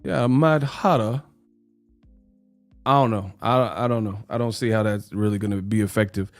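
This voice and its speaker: The host of this casual boxing livestream talks in a fairly low pitch at normal speed, with no room sound and a little music faintly underneath. He chats loosely in slang, cracking jokes and drifting into put-on British accents.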